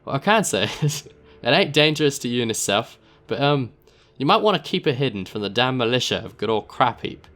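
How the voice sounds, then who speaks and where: A man voicing a shifty, wary scrap merchant who talks in a rough drawl, calling people "mate.". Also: fairly low pitch, level tone, a little fast, hardly any pauses. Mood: gruff. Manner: rough-edged drawl, says "mate" and "aye".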